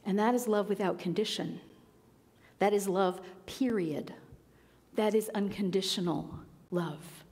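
A woman preacher giving a gentle, reflective sermon with emphatic repetition. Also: mid-range voice, a little slow, pauses often. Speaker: pastor. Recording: long reverb of a large hall.

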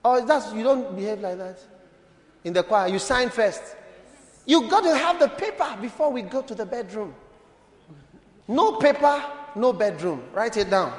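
A man preaching a lively sermon as a bishop, playful and calling on the congregation to answer. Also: high-pitched, normal speed. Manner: animated, playful, calls on the congregation. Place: church hall. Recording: echoey church hall.

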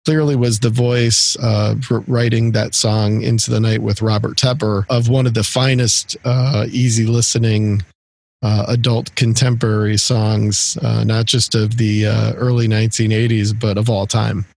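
A man's voice: lowish voice, little pitch movement, normal speed, creaky, darkish tone, dry recording. A middle-aged man from the area co-hosting a casual music podcast, rambling with lots of fillers and restarts. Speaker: podcast co-host.

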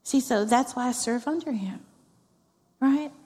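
A woman's voice: high-pitched, a little slow, mellow, slightly rough. A woman executive pastor giving a heartfelt, conversational sermon, repeating phrases for emphasis. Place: church sanctuary. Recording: reverberant church hall.

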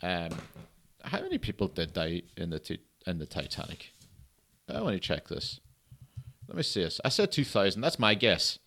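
A man's voice: low-pitched, huge pitch swings, normal speed, gravelly, a bit bright. A man, talking at home on a solo comedy podcast in rambling, sweary rants. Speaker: podcast host.

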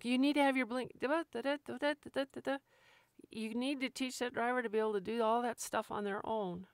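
Frank woman podcast host, smooth voice. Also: on the high side, no room sound. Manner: frank, animated, acts out nagging with quick asides. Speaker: dog training podcast host. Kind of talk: casual instructional talk.

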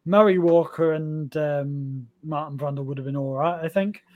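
An enthusiastic man guesting on a podcast, his voice sitting a touch high for a man. He talks in a loose, rambling way, full of "um" and "you know", running one thought into the next. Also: moderate pace, phone-quality sound. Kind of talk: casual chat.

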